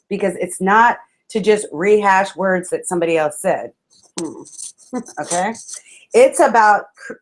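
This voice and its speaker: A woman's voice: medium pitch, slight background noise, rough recording. A woman giving a passionate, emphatic motivational talk to a live audience, often laughing and calling her listeners friends. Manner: laughs often between lines. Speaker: motivational speaker.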